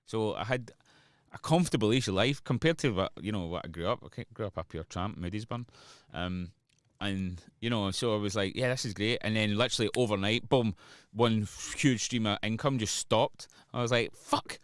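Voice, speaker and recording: A man's voice: on the low side, moderate pace, no echo, clean studio sound. A Scottish man, a DJ and music producer, chatting casually on a livestream while making music. He rambles, swears freely and laughs often. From Scotland.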